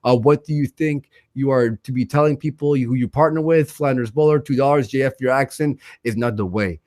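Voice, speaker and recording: A man's voice: mid-range voice, brisk, a little mellow, no room sound, clean studio sound. Man rattling off donation messages. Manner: rattles off donor names and messages. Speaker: livestream host. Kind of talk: casual livestream chat.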